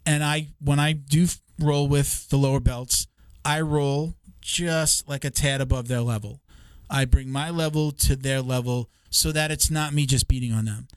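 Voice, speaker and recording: A man's voice: medium pitch, fairly even intonation, moderate pace, clean tone, no room sound. A middle-aged man hosting a podcast, joking and wandering off on tangents. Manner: rambling, jokey, goes off on tangents. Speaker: podcast host. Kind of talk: casual podcast chat.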